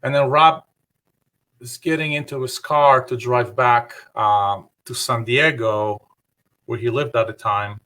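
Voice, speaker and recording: A man's voice: medium pitch, steady tone, unhurried, pushed and bright. A man being interviewed about his past, telling rambling anecdotes with lots of fillers and quoting his own past remarks. He is speaking over a video call. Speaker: guest guitarist. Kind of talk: casual interview storytelling.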